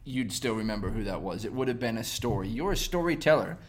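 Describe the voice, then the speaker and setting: A man's voice: medium pitch, lively intonation, fast. A man in a casual panel chat, asking probing, skeptical questions.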